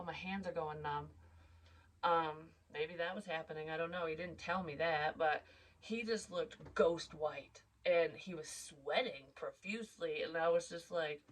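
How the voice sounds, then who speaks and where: A woman's voice: fairly low pitch, low-quality recording. A young woman vlogging as a psychic medium, telling a story in a candid, rambling way and swearing freely. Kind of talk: casual storytelling monologue.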